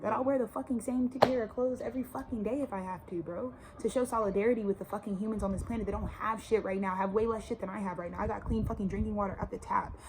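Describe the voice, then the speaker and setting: A woman's voice: mid-range voice, fairly even intonation, quick pace, few pauses, background noise. A woman in her twenties from Texas, ranting emphatically in a casual, profane, slang-heavy monologue outdoors by a suburban yard. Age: 20s. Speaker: vlogger. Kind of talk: casual spiritual rant.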